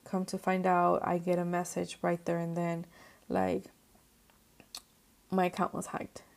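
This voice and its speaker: A woman's voice: lowish voice, completely flat delivery, a little slow, vocal fry. A young woman hosting a podcast, telling a personal story in casual chat, filling it with "like" and slipping into Spanish phrases. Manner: filler-heavy, says "like" constantly, mixes in Spanish. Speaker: podcast host.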